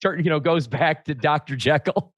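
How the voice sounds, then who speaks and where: A man hosting a talk show, telling lively car-sales anecdotes in a casual chat. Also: fairly high pitch, normal speed, no room sound. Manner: animated anecdotes, acts out quoted customers. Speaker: podcast host.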